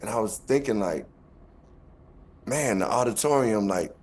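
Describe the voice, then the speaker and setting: A man with a Chicago accent, a guest rapper telling an animated story and acting out quotes with laughter. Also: on the low side, unhurried. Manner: acts out quotes, laughing, back-and-forth.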